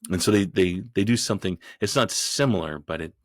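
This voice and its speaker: A man who is a podcast guest, telling a story in a rambling way with frequent restarts and growing animated as he goes. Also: sits low, brisk, no room sound, clean studio sound. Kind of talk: storytelling in an interview.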